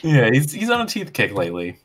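A man's voice: medium pitch, huge pitch swings, fairly quick, crowd noise. A man playing a tabletop game, casually describing what his character does. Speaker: player.

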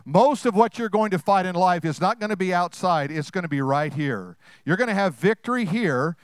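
A man preaching with a high, smooth, resonant voice. He talks in a lively, conversational way and slips into acted-out voices. The sound is close and dry. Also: moderate pace, dry recording. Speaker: pastor. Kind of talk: sermon.

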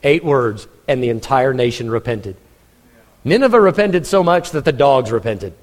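A man's voice: medium pitch, animated, moderate pace, big-room sound. A man preaching a sermon, telling a story with humor and acting out the people he quotes, often chuckling.

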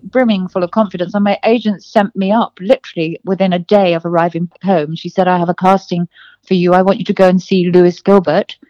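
Low-voiced older woman telling stories. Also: dry recording, dull audio. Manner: warm storytelling with fillers, laughs easily. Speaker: guest, singer and actress. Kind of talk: casual interview.

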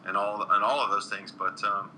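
A man's voice: lowish voice, level tone, moderate pace, pushed and bright, a little hiss or hum, rough recording. A man, a country singer, chatting earnestly in an interview with frequent restarts and ums. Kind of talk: casual interview chat.

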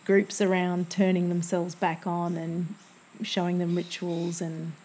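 A woman's voice: on the low side, flat delivery, a little slow, a little mellow, breathy edge. A woman in her forties co-hosting a podcast, chatting casually and reflectively, laughing easily. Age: 40s. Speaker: podcast co-host. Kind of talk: casual chat.

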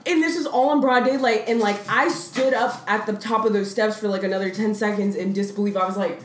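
A woman's voice: medium pitch, fairly even intonation, brisk. A young woman co-hosting a podcast, telling a story in casual chat and laughing through the punchlines. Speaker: podcast co-host. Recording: echoey room with faint noise.

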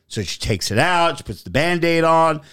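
Animated profane young man storyteller. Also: a little high, normal speed, smooth. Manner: profane, animated, acts out quotes. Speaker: podcast host telling a story. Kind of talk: casual storytelling chat.

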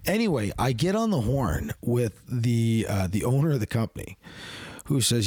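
A man's voice: medium pitch, very animated, moderate pace, a little mellow, husky, dry recording, studio quality. A man, a podcast guest and firearms collector, talking casually in a rambling way full of fillers and restarts. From Canada.

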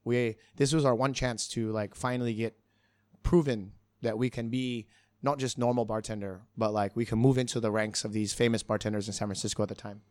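A man's voice: on the low side, a little fast, dry recording. Middle-aged man telling a story, dry sound. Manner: relaxed, rambling, frequent restarts. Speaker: bartender guest. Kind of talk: casual storytelling in an interview.

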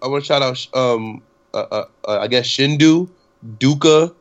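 A man's voice: medium pitch, moderate pace, muffled recording. A young man hosting a casual podcast, rambling and profane, with many fillers and restarts. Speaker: podcast host.

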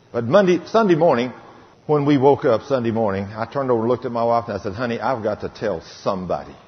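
Man, preacher, emphatic sermon testimony, slow on scripture, dull recording, long hall echo. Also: medium pitch. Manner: emphatic storytelling, slows right down on scripture.

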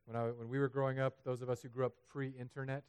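A man preaching a sermon as pastor, animated and humorous, building to loud, emphatic peaks. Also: mid-range voice, fast talker, clean tone. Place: church sanctuary.

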